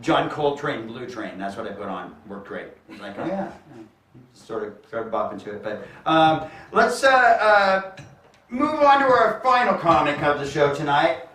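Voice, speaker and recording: A man hosting a comedy show, chatty and halting, full of ums and uhs. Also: fairly high pitch, big pitch swings, fairly bright tone, far from the mic. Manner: chatty, halting with many fillers. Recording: echoey room, mic heard from afar.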